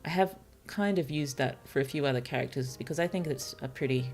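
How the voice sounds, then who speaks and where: A woman streaming as a virtual author, thinking aloud about her novel in a hesitant, musing way, with many fillers and soft laughs. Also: very deep voice, brisk, soft background music. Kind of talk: casual thinking-aloud livestream while writing.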